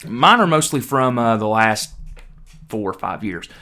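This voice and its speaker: Animated young male podcast host. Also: fairly low pitch, a little slow. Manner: lively, joking, teasing his co-host. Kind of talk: casual chat.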